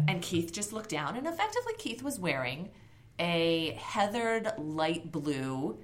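Woman, 30s, podcast co-host; low, animated voice, blunt and salty. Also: measured pace, a little hiss or hum. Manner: blunt, swears freely, animated storyteller. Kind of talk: casual chat.

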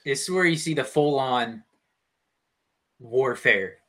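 A man's voice: mid-range voice, slow pace, a bit bright. A young man in a casual chat, thinking aloud, often stopping and restarting his sentences. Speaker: co-host.

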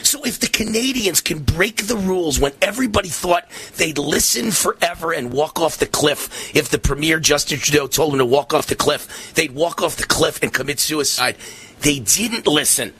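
A middle-aged male talk radio host rants in a fiery, impassioned monologue, often climbing to shouts. His voice sits fairly high and sounds bright and forceful, with a husky, strained edge from all the shouting. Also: moderate pace.

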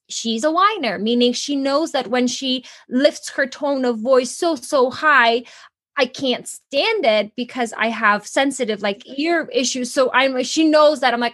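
A woman parenting coach answers interview questions in an earnest, explanatory way. She keeps giving examples from family life. Her voice is high and bright-pitched. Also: slow pace. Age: adult mother.

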